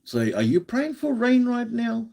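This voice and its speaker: A man's voice: very high voice, wildly swooping pitch, unhurried, creaky, darkish tone. An Australian man hosting a live stream, chatting casually and encouragingly, often restarting his sentences.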